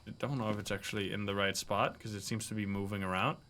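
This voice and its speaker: A man streaming a ghost-hunting game, chatting casually, mumbling then bursting into loud excited outbursts and swearing. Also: on the low side, quick pace. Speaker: streamer playing a horror game. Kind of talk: casual livestream commentary.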